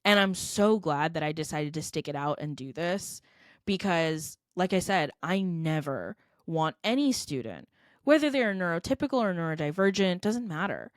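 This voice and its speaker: Earnest low-voiced woman telling her story. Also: animated, normal speed, no echo, studio quality. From California, United States. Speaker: guest, edtech company founder. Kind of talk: personal storytelling in a podcast interview.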